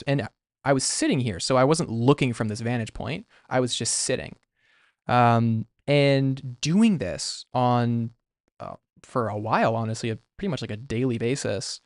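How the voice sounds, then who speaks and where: A man's voice: medium pitch, clear, resonant tone, no echo, studio quality. A young man talking casually on a livestream while he sketches, rambling with lots of "like" and restarts. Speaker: artist streaming.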